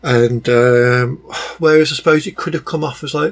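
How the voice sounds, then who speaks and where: A man with a broad Black Country accent and a gravelly, creaky voice at a middling pitch. He talks bluntly and casually, piling up ums and exasperated asides as he rambles through a film review. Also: steady tone, normal speed.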